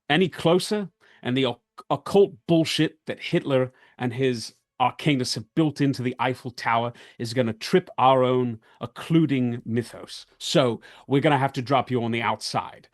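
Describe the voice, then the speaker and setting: A man's voice: mid-range voice, dry recording, studio quality, natural voice. A man playing a blunt woman army commander. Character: stern female Allied commander, blunt.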